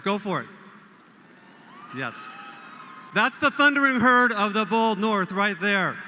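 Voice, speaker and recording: Emcee: bright, high-voiced older man, pep-rally energy, echoey hall. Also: a little hiss or hum. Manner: energetic, leads call-and-response cheers. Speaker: event emcee. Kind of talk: rallying a volunteer crowd. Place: large hall with a crowd.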